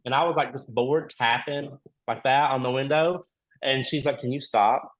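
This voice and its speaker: A man's voice: mid-range voice, normal speed. Guy guest on a podcast, chatty, acts out all the quotes, keeps jumping between voices. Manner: animated storyteller, acts out quoted dialogue. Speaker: reality show contestant, guest. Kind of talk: casual podcast chat.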